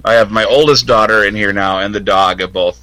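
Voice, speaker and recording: A man's voice: fairly low pitch, fairly even intonation, a little fast, pushed and bright, no echo, rough recording. A man co-hosting a casual sports podcast from his home studio, rambling and joking as he gives score updates. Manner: joking, rambling, laughs often. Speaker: podcast co-host.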